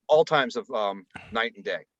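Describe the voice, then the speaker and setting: A man's voice: mid-range voice, a little slow, no room sound, dull audio. A man chatting casually as a podcast guest, rambling with many fillers and restarts. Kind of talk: casual chat.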